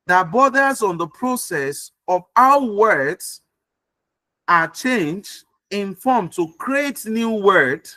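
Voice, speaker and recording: High-voiced tutor checking understanding. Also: male voice, pushed and bright, no echo. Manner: repeats points and checks understanding often. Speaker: English tutor. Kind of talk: online grammar class. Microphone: video call.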